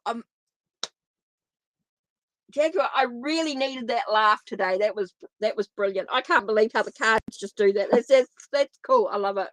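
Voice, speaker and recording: A woman's voice: mid-range voice, dry recording. A woman doing a live tarot reading, talking in a chatty, informal way straight to her viewers. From New Zealand. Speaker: tarot reader.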